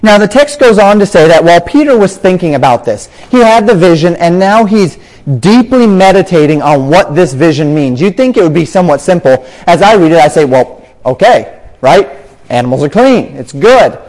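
A man delivers a sermon on scripture in a somewhat high voice. He explains each point patiently and stretches out key words to stress them. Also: animated, fairly quick, a little mellow, low-quality recording. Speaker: preacher.

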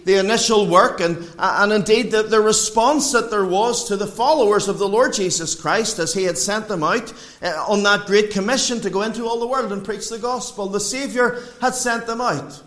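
High-voiced preacher in an echoey room. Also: male voice, moderate pace, hardly any pauses. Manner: preaching with wide swings in pitch and loudness. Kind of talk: sermon. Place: church.

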